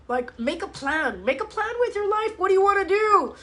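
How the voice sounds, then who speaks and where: A woman fitness coach rants bluntly to her live viewers. Her voice is high, bright and forceful. She swears freely and talks in a casual, animated way. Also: moderate pace. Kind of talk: live ask-me-anything chat. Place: home, livestream. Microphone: webcam or phone mic.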